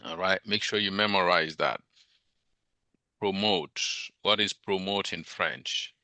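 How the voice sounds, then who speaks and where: A man teaching a class, questioning his students over and over about word meanings. His voice is low and gravelly, yet bright and forceful. He speaks slowly, and the sound is dry and close. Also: no echo. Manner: questioning, drilling students on vocabulary. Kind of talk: classroom lecture.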